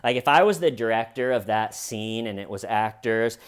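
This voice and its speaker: A man's voice: lowish voice, animated, moderate pace, clear, resonant tone. A man giving sarcastic, comedic true crime commentary with wry asides.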